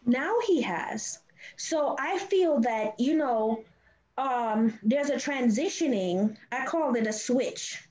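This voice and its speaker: A middle-aged woman, a foster parent, telling her family story in a casual interview, animated and laughing often. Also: a little high, slow. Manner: animated, laughs often, acts out quoted voices. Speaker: foster and adoptive parent guest. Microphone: video call. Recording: dull lo-fi livestream audio.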